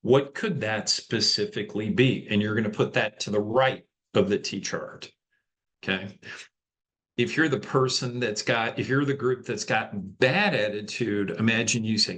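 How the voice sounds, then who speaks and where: A man's voice: on the low side, normal speed, a bit bright. A man facilitating an online leadership training over a video call, talking conversationally and checking in with the group often. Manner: conversational, checks in with frequent "okay?". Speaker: workshop facilitator.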